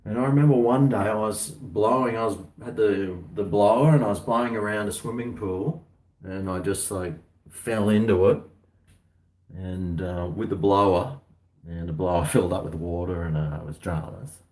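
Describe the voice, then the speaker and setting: Rambling Australian man, slightly low voice. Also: fairly even intonation, moderate pace, a little mellow. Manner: rambling, chatty, slangy. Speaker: livestream host. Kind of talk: casual livestream chat.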